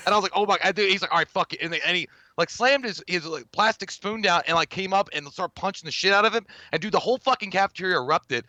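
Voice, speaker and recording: A man's voice: high voice, fast, few pauses, sharp tone, no echo. A man co-hosting a casual live stream who rambles, swears and reads viewer comments aloud, with plenty of fillers and false starts. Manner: rambling and profane, lots of fillers and restarts, reads chat aloud. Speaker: podcast co-host.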